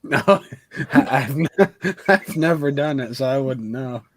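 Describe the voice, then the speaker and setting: A man's voice: mid-range voice, a little slow, no room sound. A man chatting casually on a live stream, laughing often as he jokes. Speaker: stream co-host.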